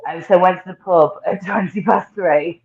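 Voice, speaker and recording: A woman's voice: fairly low pitch, normal speed. A woman, a panel guest, rambles and apologises through fits of crying laughter. Her voice comes over a dull, lo-fi call line. The room around her is echoey. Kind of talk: casual chat on a live stream.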